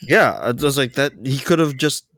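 Very deep-voiced woman podcast co-host. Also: normal speed, no echo. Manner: dry quips, laid-back, laughs along. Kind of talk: casual chat.

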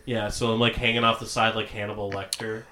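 A man's voice: fairly low pitch, little pitch movement, fast, crowd noise. A man guesting on a podcast, rambling and hunting for words in crude casual banter in a studio. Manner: rambling, hesitant, searching for words.

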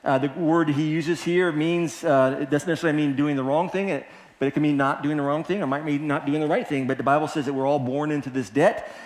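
A man's voice: a little high, fairly even intonation, fast, echoey room. A man preaching a sermon in an earnest way, repeating his phrases and restarting his sentences. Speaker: pastor.

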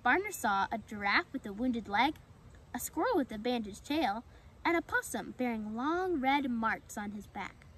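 A woman reading a children's animal story aloud in a steady storytelling way. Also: a little high, normal speed, breathy edge, rough recording. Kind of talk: storybook read-aloud narration.

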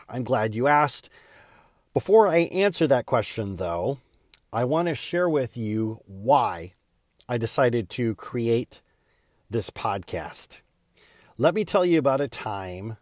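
A man's voice: mid-range voice, darkish tone, dry recording, studio quality. A man hosting his own podcast, telling a personal story in an earnest, candid way with small stumbles and repeats. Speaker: podcast host.

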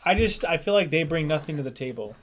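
Higher-voiced young man, rambling. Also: expressive, fast talker, fairly bright tone, slight background noise. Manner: rambling, full of "like", laughs a lot. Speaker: podcast co-host. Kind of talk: casual chat.

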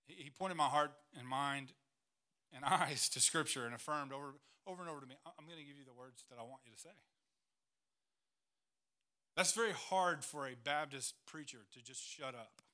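Man, church planter, emotional storytelling, bright tone. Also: fairly high pitch, moderate pace. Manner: emotional, earnest storytelling, tearful at times. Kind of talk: missions presentation in church.

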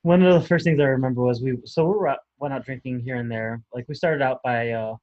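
A man's voice: medium pitch, quick pace, lo-fi sound. A man co-hosting a podcast, telling a story in a rambling, hesitant way with laughs. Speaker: podcast co-host. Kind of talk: casual storytelling chat.

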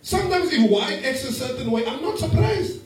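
High-voiced preacher in an echoing church. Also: male voice, normal speed. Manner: animated, laughing often, calls on the congregation. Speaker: pastor. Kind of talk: sermon. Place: church hall. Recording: very echoey hall from far off.

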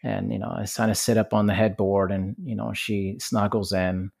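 A man hosting a podcast, chatting in a relaxed, amused way. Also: on the low side, moderate pace, vocal fry. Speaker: podcast host. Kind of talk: casual interview chat.

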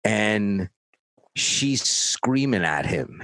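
A man's voice: lowish voice, animated, takes it slowly, fairly bright tone, slight background noise, low-quality recording. A man casually telling a story, cursing freely and acting out what others said. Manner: profane, dry, acts out quoted voices. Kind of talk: casual anecdote.

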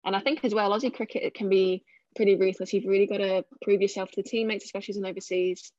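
Talking fast in a medium-pitched, fairly even and darkish voice, this English cricketer in her twenties chats modestly as an interview guest. She downplays herself and leans on lots of fillers, and the sound is dry and dull.

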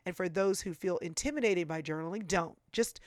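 A woman's voice: lowish voice, brisk, no room sound. Earnest woman author sharing faith. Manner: earnest, animated, preacherly storytelling. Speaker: author and guest. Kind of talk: faith-based conversational interview.

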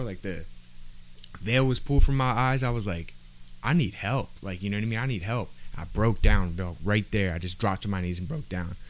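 A man's voice: sits low, slight background noise. A man on a podcast, telling a personal story in casual street slang, with lots of "bro" and "like" fillers. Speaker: podcast guest.

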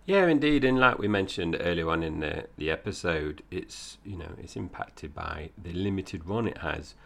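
Low gravelly man with slight Cockney. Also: lively intonation, moderate pace, a bit bright. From Essex, England. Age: 40s. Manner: chatty, rambling, laughs often. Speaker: podcast co-host. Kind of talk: casual chat.

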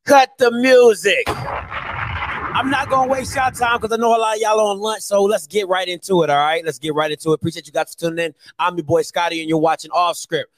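High-voiced man ranting on his talk show. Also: steady tone, brisk, over music. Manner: slangy, emphatic, repeats phrases for effect. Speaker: host of a sports talk show. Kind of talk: casual sports commentary rant.

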